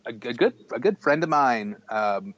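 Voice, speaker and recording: A man's voice: mid-range voice, big pitch swings, moderate pace, fairly bright tone, no room sound. A man co-hosting a casual podcast chat, hesitant, with frequent restarts and fillers. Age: adult. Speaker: podcast co-host. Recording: dull lo-fi podcast audio.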